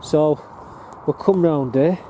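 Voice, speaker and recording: Taking it slowly in a fairly high voice, a northern English man tours his allotment plot on foot, rambling in plain terms to the camera he carries. He's a gardener and vlogger, and faint outdoor noise can be heard.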